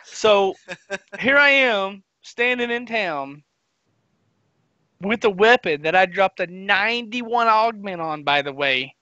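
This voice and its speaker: A man's voice: high voice, lively intonation, slow, sharp tone, no echo, dull audio. A man co-hosting a gaming podcast, telling a long story in casual chat and acting out his friends' lines. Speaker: podcast co-host.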